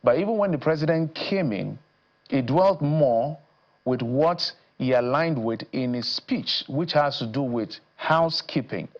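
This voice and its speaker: A man's voice: medium pitch, animated, unhurried, highs cut off. Nigerian male host asking pointed questions. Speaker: TV news host. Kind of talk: moderating a panel discussion.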